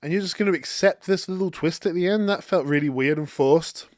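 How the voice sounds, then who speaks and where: A man hosting a casual, chatty movie review, talking excitedly and often saying "like". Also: on the high side, a little fast, dry recording, studio quality. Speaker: film review host.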